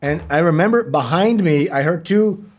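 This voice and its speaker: A man's voice: fairly high pitch, expressive, moderate pace. A young man hosting a casual livestream chat, ranting and mocking with a lot of profanity. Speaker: livestream host.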